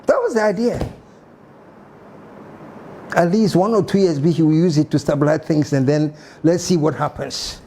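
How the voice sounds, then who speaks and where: A man with a Ghanaian English accent hosting a political commentary show, emphatic and animated with mocking asides. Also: a little high, normal speed, long pauses, slight background noise.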